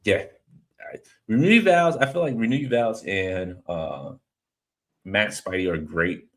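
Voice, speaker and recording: A man with a somewhat low voice hosts a relaxed podcast chat. He tells stories in a lively way, acting out his own past reactions, and reads viewer comments aloud as he goes. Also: a little slow. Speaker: podcast host. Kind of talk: casual chat.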